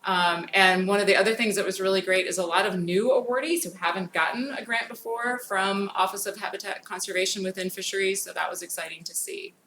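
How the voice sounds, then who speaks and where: A woman's voice: mid-range voice, fairly even intonation, fairly bright tone. A woman giving a conference talk on grant programs in an informal way, often saying "um". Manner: informal, frequent "um" fillers, brisk. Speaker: federal grants program speaker. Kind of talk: conference presentation. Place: conference hall. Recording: echoey room with faint noise.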